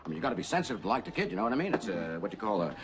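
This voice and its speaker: A brash fast-talking talent agent. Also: male voice, lowish voice, big pitch swings. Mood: chummy. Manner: brash, chummy, rambling, calls everyone baby. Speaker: Hollywood agent character. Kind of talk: film dialogue.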